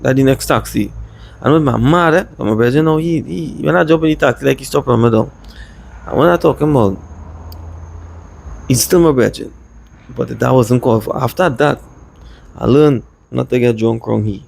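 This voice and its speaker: A man from Trinidad with a Trinidadian accent, casually telling a rambling personal story in lively dialect. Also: medium pitch, moderate pace, gravelly, long pauses. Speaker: vlogger.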